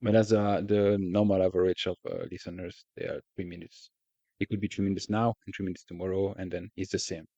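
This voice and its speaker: Lower-voiced man with a French accent. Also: flat delivery, fairly quick, creaky, mellow, no echo. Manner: talkative, swears casually, frequent restarts. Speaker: podcast co-host. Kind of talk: casual chat. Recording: dry, slightly dull sound.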